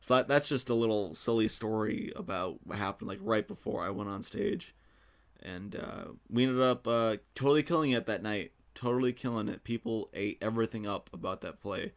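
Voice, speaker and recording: Low-voiced young man telling stories. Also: normal speed. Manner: animated storytelling with casual swearing. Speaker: podcast host. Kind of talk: casual solo podcast storytelling. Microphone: studio mic.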